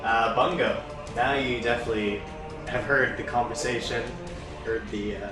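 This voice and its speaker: A man's voice: mid-range voice, fairly even intonation, normal speed. A man narrating a tabletop game as game master, in a loose style with many fillers and chuckles. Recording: echoey room, distant mic, music.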